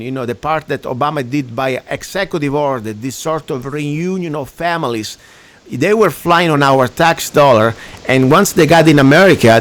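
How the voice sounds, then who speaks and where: A man with an Italian accent hosting a radio talk show, ranting emphatically in broken English. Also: fairly high pitch. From Italy.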